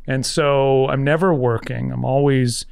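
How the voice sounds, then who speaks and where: A man's voice: medium pitch, fairly even intonation, unhurried, gravelly, darkish tone, clear, resonant tone. A man from Canada in his thirties, a guest author chatting casually in an earnest, rambling way. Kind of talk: casual conversation.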